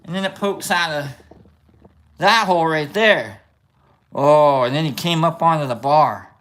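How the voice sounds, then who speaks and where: Male stream host, bright and slightly high voice, loose rambling anecdotes. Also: a little slow. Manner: animated, rambling with restarts. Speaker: livestream host. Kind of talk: casual storytelling to chat.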